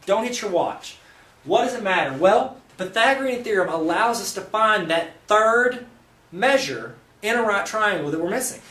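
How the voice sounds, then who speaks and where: A man gives a math lesson at a board, his fairly high voice jumping lively up and down. He explains each step plainly and keeps slipping in playful jokes to the viewer. The sound is roomy, picked up from some way off the mic. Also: normal speed, far from the mic. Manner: playful, jokey asides to the viewer. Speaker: math teacher. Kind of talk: joking whiteboard math lesson. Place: room with a whiteboard.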